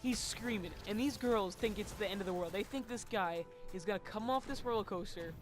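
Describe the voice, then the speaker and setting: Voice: medium pitch, brisk, over music. A casual storyteller recounting a story over gameplay, rambling with lots of fillers and casual swearing.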